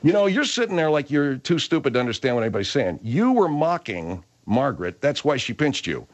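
A man's voice: medium pitch, very animated, brisk. A man hosting a comedy show, telling a rambling story with many asides. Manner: rambling, lots of fillers and restarts. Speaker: host.

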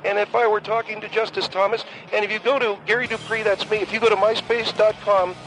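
A man doing a high, compulsive repeating caller. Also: fast, lightly acted, poor audio. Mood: droning. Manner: monotone, endlessly repeating the same catchphrase. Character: awkward obsessive male caller who compulsively repeats his name. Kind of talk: comedic radio call-in sketch.

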